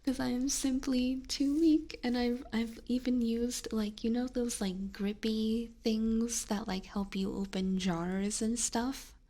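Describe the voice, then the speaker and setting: A young woman streaming ASMR on a binaural microphone, chatting in a soft whisper, rambling and giggling often. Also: fairly high pitch, steady tone, slow pace, hardly any pauses. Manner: giggly, rambling with many fillers. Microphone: binaural ear microphone.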